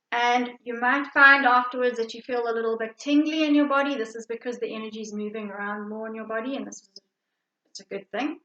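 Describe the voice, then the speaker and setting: A middle-aged woman from South Africa gives gentle wellness instruction in a slightly high voice. She explains calmly and patiently, often pausing on fillers and restarting her sentences. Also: poor audio. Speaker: vitality coach.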